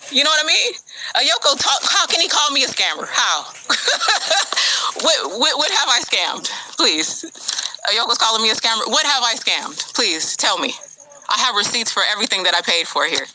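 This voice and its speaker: A woman rants on a livestream in a sharp, very bright voice. She is agitated and emphatic, swears freely and keeps turning to address her viewers directly. Her pitch sits in a middling range for a woman. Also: a little hiss or hum, low-quality recording. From United States. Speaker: vlogger. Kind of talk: live-streamed personal rant to viewers.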